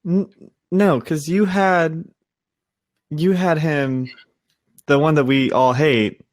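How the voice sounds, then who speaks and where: Young guy on a podcast, talks slow, jokey, laughs a lot. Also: fairly high pitch, steady tone. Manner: slow, joking, laughs often. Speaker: podcast co-host. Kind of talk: casual chat.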